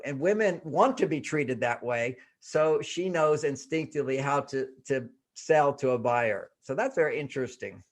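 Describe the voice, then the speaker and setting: A man talking as a guest relationship author in a casual interview, animated and laughing, acting out little quotes as he explains. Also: on the high side, moderate pace, hardly any pauses.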